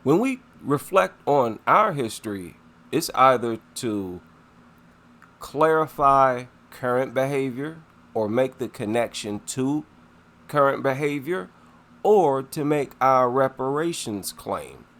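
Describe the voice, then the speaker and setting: Slow, sweeping scornful male commentator. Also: mid-range voice, expressive, fairly bright tone. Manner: indignant, scornful; emphatic, repeats himself for effect. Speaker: commentator reacting to a clip. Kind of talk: reaction commentary.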